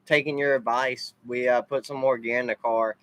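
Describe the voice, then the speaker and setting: A man's voice: medium pitch, flat delivery, normal speed, fairly bright tone, clear, resonant tone, poor audio. Southern man in a car, chatty vlog recap, lots of uh's. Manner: rambling, lots of uh fillers. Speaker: racing family vlogger. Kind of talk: casual live recap, thanking people.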